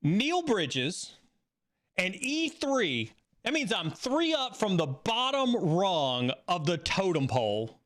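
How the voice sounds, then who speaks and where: A man hosting a live stream, telling a story in a casual, animated way that rises excitedly when he acts out a scene. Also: sits high, takes it slowly. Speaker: stream host.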